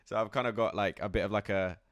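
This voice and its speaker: Man, posh London accent, young, deep and resonant, slangy casual interview talk. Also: steady tone, fast, a bit bright, dry recording, lo-fi sound. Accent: posh London English. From England. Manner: loose, slangy, swears often, lots of fillers. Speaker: rapper and guest.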